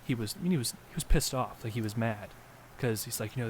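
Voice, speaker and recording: A man's voice: medium pitch, fast talker, few pauses, a little hiss or hum. A young man co-hosting a podcast, telling a story in an earnest, rambling way with plenty of ums. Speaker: podcast co-host. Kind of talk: casual storytelling.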